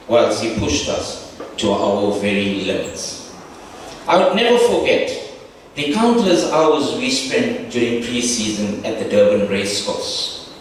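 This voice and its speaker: A man's voice: mid-range voice, slight background noise. A middle-aged man giving a reflective, humorous spoken tribute at a reunion. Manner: reflective storytelling with warm humor. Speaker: speaker at a reunion. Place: large echoey hall. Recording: distant, echoey hall recording with faint ambience.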